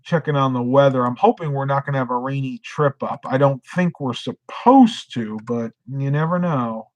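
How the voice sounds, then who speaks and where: A man's voice: mid-range voice, moderate pace, dry recording. Middle-aged man, drowsy late-night streamer, dry close sound. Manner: rambling, reads chat comments aloud. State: sleepy, yawning. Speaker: live streamer. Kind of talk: casual live stream chat.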